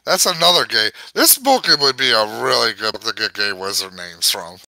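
A man's voice: lowish voice, expressive, normal speed, pushed and bright, dry recording, rough recording. A man reading a difficult book aloud on a casual podcast, stumbling over words, exasperated and swearing.

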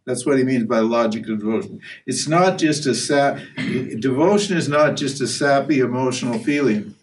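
A man's voice: mid-range voice, normal speed, distant mic. A man giving a spiritual lecture as a Vedanta teacher, blunt and earthy, firing rhetorical questions and restarting his sentences.

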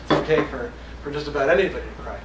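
A man's voice: medium pitch, rapid-fire, background noise. A man teaching a college philosophy class in a casual, conversational way, reading passages aloud and explaining them to students. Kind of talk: classroom lecture. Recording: roomy classroom from a distance with faint ambience.

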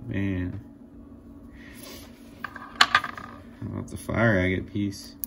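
A man with a low, gravelly voice talks slowly and casually while showing off handmade jewelry. He sounds excited and amazed, often laughing. Clear workshop noise sits behind him throughout. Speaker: jewelry maker.

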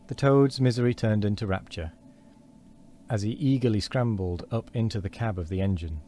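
A man reads a storybook aloud at a measured pace, now and then tripping and restarting a word. His voice is low and mellow, with a faint hiss behind it. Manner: measured, with small slips and restarts. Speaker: streamer reading a book aloud. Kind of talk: storybook reading.

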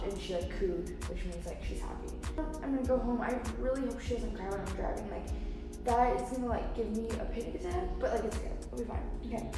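A teenage girl vlogging from her car into a phone camera. She rambles in a casual, chatty way with lots of "like.". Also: a little high. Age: teens. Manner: chatty, rambling, full of filler "like". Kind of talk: casual vlog chat. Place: inside a car.

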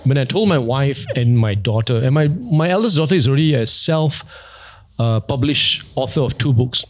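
A middle-aged Singaporean man chatting as a podcast guest, an animated storyteller. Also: mid-range voice, normal speed. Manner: animated storyteller, laughs often. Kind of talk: casual podcast chat.

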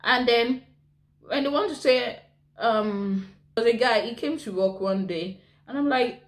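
A woman's voice: fairly high pitch, unhurried. A woman with a Nigerian accent chatting to camera as a vlogger, full of rhetorical questions. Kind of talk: casual chat to camera.

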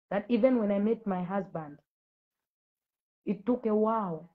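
A woman in her late thirties speaks with fervent, preachy conviction in a live-stream testimony. She scolds commenters directly while holding a medium pitch. The sound is slightly muffled and lo-fi. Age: late 30s. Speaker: Christian ministry host.

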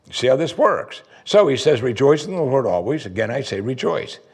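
A man preaching a sermon as pastor, conversational, voicing his listeners' doubts in a higher voice. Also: big pitch swings, fairly quick, slightly rough. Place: church sanctuary.

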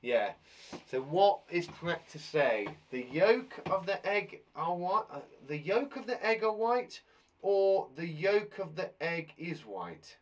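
A man's voice: high-pitched, sing-song, slow pace. A playful man, a young adult primary school teacher giving a live online lesson for children with theatrical, chatty reactions.

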